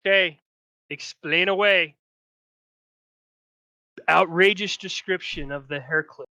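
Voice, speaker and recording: A man's voice: high-pitched, slow, sharp tone, dry recording. A man narrating as game master, talking in a loose, chatty way with frequent restarts. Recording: slightly dull lo-fi mic.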